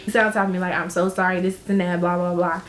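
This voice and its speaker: A young woman telling a story to her viewers in casual chat, animated and slangy, laughing often and acting out what people said. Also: lowish voice, quick pace, reverberant, slight background noise.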